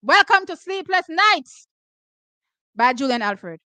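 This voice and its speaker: A Jamaican woman hosting a watch party, reacting live to races with loud, excitable exclamations and slipping between patois and English. Her voice is hoarse and giving out. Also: extremely high pitch, slow, no room sound, poor audio. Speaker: track and field watch-party host. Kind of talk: live race reaction commentary.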